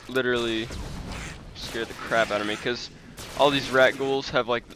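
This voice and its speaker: A man's voice: medium pitch, fairly even intonation, moderate pace, background noise. A man hosting a let's play, chatting casually over his gameplay with many fillers and tangents.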